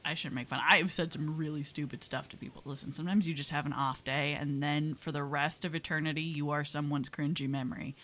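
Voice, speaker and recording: A young woman streaming live, chatting casually with viewers, bubbly and talkative with loud exclamations. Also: low voice, steady tone, fairly quick, few pauses, slight background noise. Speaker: VTuber streamer.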